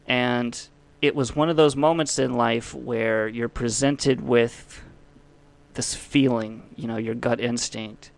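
A man's voice: medium pitch, steady tone, takes it slowly, vocal fry. Rambling man hosting a podcast. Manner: rambling, jokey then heartfelt. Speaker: podcast host. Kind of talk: casual podcast monologue.

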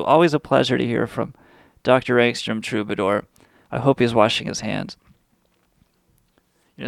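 Male radio host, sarcastic profane rant, gravelly voice, dry close mic. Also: mid-range voice, dry recording. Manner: crude, sarcastic rant with frequent swearing. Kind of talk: profane comedic monologue.

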